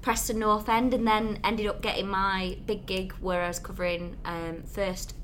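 A woman's voice: mid-range voice, little pitch movement, normal speed, fairly bright tone, a little hiss or hum. A young woman with a Lancashire accent, a sports reporter chatting and teasing on a podcast. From Lancashire, England. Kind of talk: casual chat.

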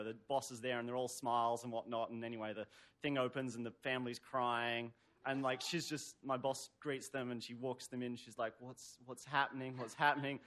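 A man's voice: medium pitch, sharp tone, slight background noise. A man telling a story live on stage, rambling with lots of "sort of" fillers and wry humor. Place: stage before a live audience.

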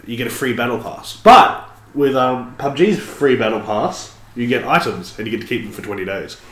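A man's voice: mid-range voice, moderate pace, a bit bright. An Australian man co-hosting a podcast, ranting with sarcasm in casual chat. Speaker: podcast co-host. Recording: echoey room.

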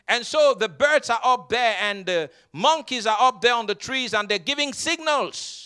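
A man's voice: extremely high pitch, lively intonation, pushed and bright, smooth. A man preaching a sermon as pastor, leading the congregation in call-and-response and stretching out scripture word by word. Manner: drawn-out emphatic scripture reading.

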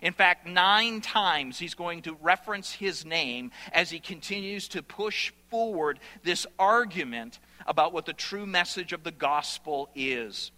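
A male pastor preaching a sermon, explaining scripture in an animated way with sudden loud bursts. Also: high voice, measured pace, few pauses. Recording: long hall reverb.

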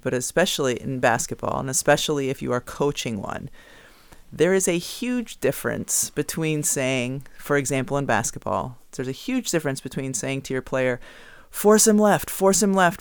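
A man co-hosting a podcast in casual chat, telling stories and getting animated when he quotes others. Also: medium pitch, gravelly, clean tone, no room sound. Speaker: podcast co-host; youth basketball coach.

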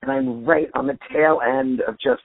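A husky woman in her forties, a stand-up comedian nearly losing her voice, talking in an animated, casual way and restarting her sentences. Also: rumbling low, moderate pace, no room sound. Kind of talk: casual interview chat. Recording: tinny dry phone line.

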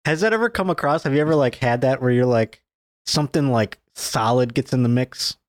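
A man's voice: mid-range voice, brisk, no echo, studio quality. A man in crude casual chat, giggly and rambling, trailing off with fillers.

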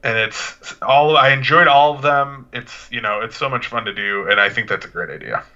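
A man's voice: mid-range voice, moderate pace, sharp tone, lo-fi sound. A man co-hosting a podcast, chatting in a laid-back, rambling, joking way. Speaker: podcast co-host. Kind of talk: casual chat.

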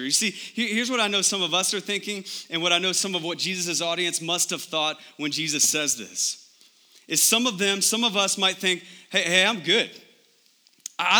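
A man delivers a Sunday sermon in a very bright, slightly high voice. He talks to the congregation conversationally, often asking "right?" and repeating words. His delivery swings from emphatic peaks to quiet, low passages. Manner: animated preaching, rising to emphatic highs then dropping low. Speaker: pastor.

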